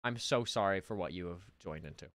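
A young man streaming a game live, ranting at his chat in melodramatic mock outrage, then dropping to quiet muttering. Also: low voice, a little fast. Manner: melodramatic mock outrage, swinging between loud rants and muttering.

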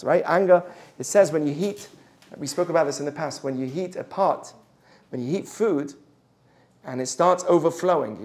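A man teaching a Torah class to students, telling stories and asking the class questions as he goes. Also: a little high. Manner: storytelling, asks the class questions, drops to a soft voice for drama.

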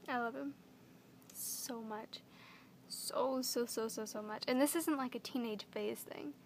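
A young woman speaks straight to camera in an earnest, gushing vlog, often repeating herself as her emotions swell. Her slightly high voice keeps dropping into creaky fry. Faint room noise sits under the recording. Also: normal speed. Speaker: vlogger.

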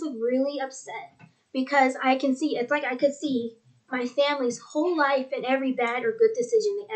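A woman's voice: on the high side, poor audio. A young woman telling her dream to viewers in a casual, rambling way, repeating herself and using many fillers. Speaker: vlogger.

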